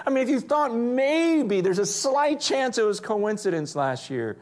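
A man preaching a sermon, telling stories with energy and swinging between hushed and excited moments. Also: extremely high pitch, a little slow, hardly any pauses. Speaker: pastor.

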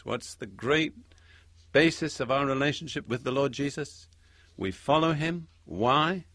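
A man preaching a sermon, reading scripture in a measured, emphatic way. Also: mid-range voice, animated, a bit bright, dry recording.

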